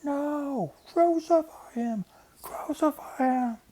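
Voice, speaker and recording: A man voicing an angry crowd in a Bible story, shouting high and strained. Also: slow. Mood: furious.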